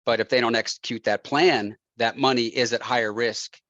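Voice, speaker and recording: Give me a man guest telling a lively, laughing story with a dry, close sound. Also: mid-range voice, normal speed, no echo, highs cut off. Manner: laughs often, acts out quotes. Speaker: guest real estate investor. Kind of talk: animated anecdote telling.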